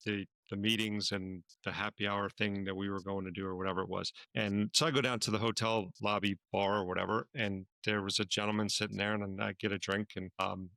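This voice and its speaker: Male podcast co-host, low and gravelly, storyteller, dry close mic. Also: brisk, few pauses, no room sound. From Washington, D.C. area. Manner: storytelling, animated when quoting others. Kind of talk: casual conversational podcast.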